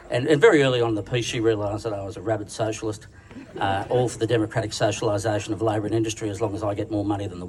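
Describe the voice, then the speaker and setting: An Australian man giving a comic roast speech at a dinner, teasing and slangy in an irreverent way. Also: mid-range voice. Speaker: roast speaker. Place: dinner function room. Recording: distant mic with background noise.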